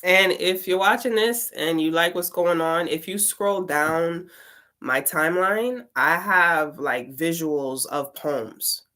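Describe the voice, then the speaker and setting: Low-voiced woman telling a rambling story. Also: takes it slowly, pushed and bright. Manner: rambling, full of "like" fillers and swearing. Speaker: tarot reader and poet. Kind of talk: casual storytime monologue.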